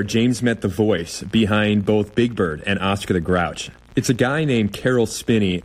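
A man hosting a radio documentary, giving smooth, scripted introductions. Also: on the low side, darkish tone. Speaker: host. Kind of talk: scripted narration. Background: music bed.

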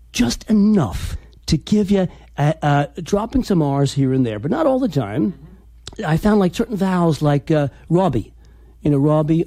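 A man, a dialect coach, explaining accents in an interview, halting and repeating words as he demonstrates sounds. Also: a little high, warm tone, no room sound.

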